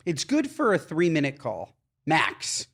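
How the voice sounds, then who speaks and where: A man co-hosting a podcast in casual chat, telling stories in an animated, exasperated way. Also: on the high side, measured pace. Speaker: podcast co-host.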